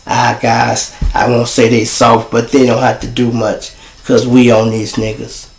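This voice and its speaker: A gravelly-voiced man, talking casually as host of his own show. He tells his stories in a lively way and gets louder when they get exciting, and the room he records in sounds echoey. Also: medium pitch, a little slow. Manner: animated, rising to excited shouts when telling a chase story. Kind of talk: casual street storytelling.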